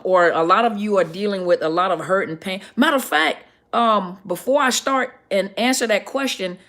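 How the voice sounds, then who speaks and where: A woman's voice: fairly low pitch, a bit bright. A middle-aged woman, a counselor, hosting a casual livestream Q&A, chatty and greeting viewers by name as she reads their comments.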